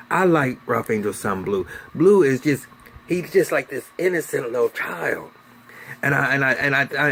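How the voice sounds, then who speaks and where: Man, TV recap reviewer, casual and profane, animated storytelling, quotes characters in voice. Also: medium pitch, a little hiss or hum.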